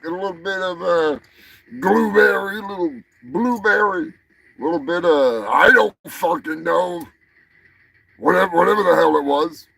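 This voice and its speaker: Man, livestream host, raised pitch, loud mock-angry ranting, swearing. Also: moderate pace, gravelly, poor audio. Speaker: livestream comedy news host. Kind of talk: crude ranting livestream banter.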